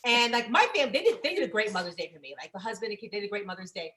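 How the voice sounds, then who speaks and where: A woman in her forties doing a profane, chatty stand-up set that bursts into loud exasperated rants. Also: mid-range voice, very animated, racing. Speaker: stand-up comedian.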